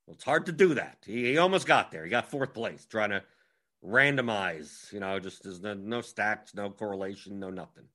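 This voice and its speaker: A man giving a casual, matter-of-fact breakdown of fantasy baseball lineups, talking briskly as he scrolls through them. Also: lowish voice, animated, fairly bright tone. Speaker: daily fantasy baseball analyst.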